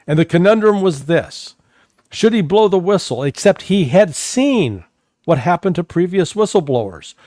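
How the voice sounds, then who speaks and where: A man's voice: high voice, animated, normal speed, a little mellow, dry recording, studio quality. A man speaking as a guest analyst in a political interview, emphatic and often repeating words as he starts a thought.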